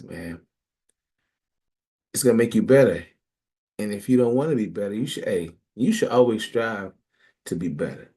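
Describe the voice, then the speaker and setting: A man's voice: lowish voice, vocal fry, mellow. A man preaching and teaching scripture in an emphatic call-and-response style.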